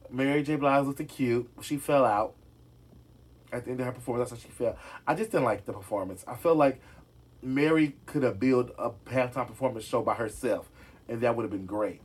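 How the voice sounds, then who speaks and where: A man with a husky, slightly breathy voice at an ordinary middle pitch. He dishes celebrity gossip in a loose, casual vlog, sassy and talking straight to his viewers as if they were friends in the room. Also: a little fast. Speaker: gossip vlogger.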